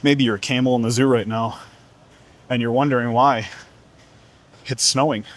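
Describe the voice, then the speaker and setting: A man's voice: medium pitch, steady tone, normal speed. A man who is a fitness coach giving an earnest, emphatic motivational talk, repeating rhetorical questions to the listener.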